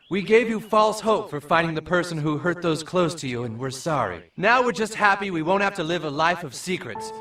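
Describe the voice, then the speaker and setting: A very high, bright-voiced cartoon dad confesses in public and shouts out the accusations he imagines. It plays as a distant clip of a TV show, with faint music under it. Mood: contrite. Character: middle-aged cartoon father confessing in public. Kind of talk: animated TV cartoon dialogue.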